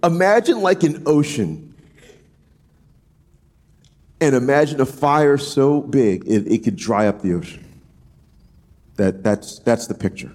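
A man teaching from scripture in a sermon, his voice swinging up and down with lively, expressive pitch. He keeps a casual, thinking-aloud manner, doubling back on words as he explains. His voice sits in a middle pitch for a man. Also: slow, pauses often. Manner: animated, acts out quoted pleas in a high voice. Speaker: preacher. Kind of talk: expository Bible teaching.

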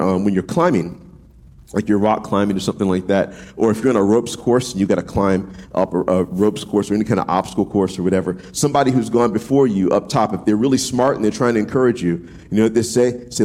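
A man preaching a casual sermon, animated and slangy, acting out voices as he goes. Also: on the low side, fast talker. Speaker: pastor.

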